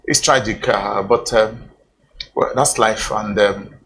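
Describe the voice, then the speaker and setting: A Nigerian man hosts a TV football show from a studio. His voice sits a little low, and he talks haltingly, leaning on fillers and saying things twice. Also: a bit bright, poor audio. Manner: halting, full of fillers and repeated phrases. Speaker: TV sports show host. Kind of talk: studio discussion, casual.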